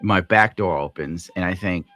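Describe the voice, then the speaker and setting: A man's voice: low-pitched, moderate pace, pushed and bright, soft background music. A tired man live streaming, telling a rambling, profane story in a grumbling way. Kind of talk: rambling livestream rant.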